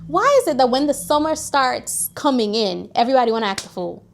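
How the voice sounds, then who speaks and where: A young woman in her twenties vlogging casual life advice, animated and preachy, talking straight to her viewers. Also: high voice, fairly quick, creaky. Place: New York, recording outdoors near street traffic.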